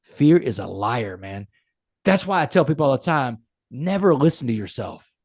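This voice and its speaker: Gravelly earnest man telling his story. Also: medium pitch, sing-song, moderate pace, darkish tone, no echo, clean studio sound. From United States. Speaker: guest. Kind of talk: storytelling in a podcast interview.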